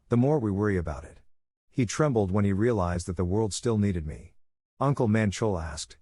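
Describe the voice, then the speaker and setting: A man reading a scripted story recap in a steady, even narration. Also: fairly low pitch, no echo, clean studio sound.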